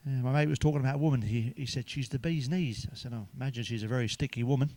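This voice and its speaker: Male comic, mid pitch, crude sweary monologue, chuckles at punchlines, dry recording. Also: racing, mellow, no echo. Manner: sweary, chuckles at his own jokes. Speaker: stand-up comedian. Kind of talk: crude joke-telling monologue.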